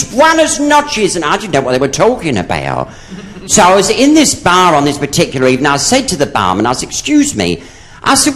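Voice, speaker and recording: A drag comedian on stage, a man telling camp, gossipy stories. His pitch leaps all over the place as he swings between chatty narration and sudden punchlines. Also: fairly bright tone. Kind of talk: stand-up comedy storytelling.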